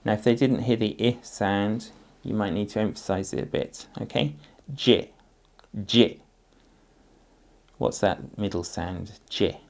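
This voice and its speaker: A man teaching a phonics lesson to parents, speaking slowly and patiently as he sounds out words and syllables. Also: on the low side, steady tone, gravelly, darkish tone.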